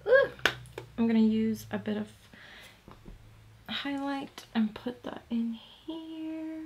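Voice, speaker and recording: A woman's voice: a little high, slow pace, a little mellow, lo-fi sound, slight background noise. A young woman from Latvia chatting casually while doing her makeup, swearing freely and saying "like" a lot. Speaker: beauty vlogger.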